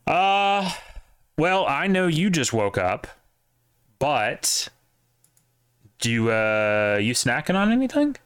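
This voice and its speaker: A man co-hosting a casual podcast, talking with animated opinions and casual swearing. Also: a little high, takes it slowly, long pauses, clean tone, dry recording, clean studio sound. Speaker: podcast co-host. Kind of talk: casual chat.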